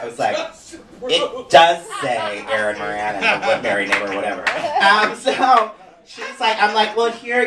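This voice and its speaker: A man performs live stand-up as a drag comedian, camp and bawdy, often breaking into laughter. His voice sits high and swings widely. The recording is distant and roomy, with heavy noise behind it. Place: small cabaret theater stage.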